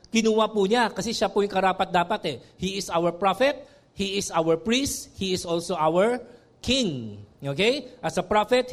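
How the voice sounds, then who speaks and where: A male pastor with a Filipino accent preaching a sermon, mixing Tagalog and English, reading scripture slowly and often checking in with the congregation. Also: sits high. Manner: switches between Tagalog and English, asks listeners "okay?" often; reads scripture slowly and deliberately.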